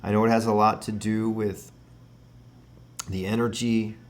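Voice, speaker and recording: A man hosting a paranormal spirit-box session, earnestly and gently calling out names and passing on messages. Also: fairly low pitch, level tone, a little slow.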